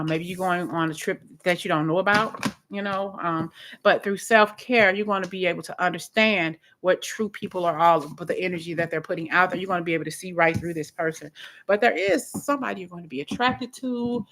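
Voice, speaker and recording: A woman's voice: lowish voice, background noise. Chatty woman reading tarot live. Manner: chatty, rambling, repeats words. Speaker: tarot reader.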